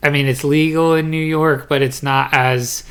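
A young man co-hosting a casual podcast, talking in a relaxed, measured way with fillers. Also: a little high, clean tone. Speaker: podcast co-host. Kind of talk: casual chat.

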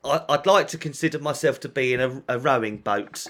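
A man's voice: medium pitch, brisk, fairly bright tone. Dry, joking man co-hosting. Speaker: podcast co-host. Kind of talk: casual chat.

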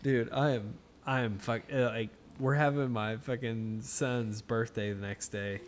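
A man in his thirties hosting a casual podcast, telling rambling, excited, profane stories. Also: medium pitch, a little slow, a little hiss or hum. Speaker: podcast host. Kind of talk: casual chat.

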